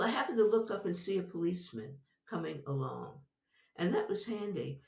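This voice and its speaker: A woman guest, older, telling a personal story in an animated way, laughing often as she talks. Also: lowish voice, creaky, far from the mic. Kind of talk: storytelling in an interview. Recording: roomy sound from off-mic.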